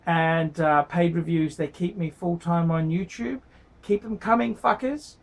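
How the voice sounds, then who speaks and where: A man's voice: on the high side, a little slow, creaky. A man giving a casual paid watch review on video. He talks bluntly, swears freely and repeats his points. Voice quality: blunt, profane, repeats himself.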